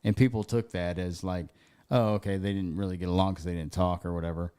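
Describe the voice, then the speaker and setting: A man with a low voice, chatting easily as a podcast co-host. He agrees often and retells movie moments in a relaxed, swearing manner. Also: fast, clean tone. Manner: laid-back, lots of "yeah, yeah", retells scenes. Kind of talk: casual chat.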